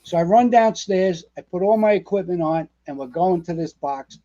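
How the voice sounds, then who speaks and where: Brief: a retired fire captain in his sixties, Bronx-born, New York accent, higher-pitched voice, swears freely while telling old stories. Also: normal speed, highs cut off. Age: 60s. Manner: salty, profane, animated storyteller. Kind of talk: storytelling interview.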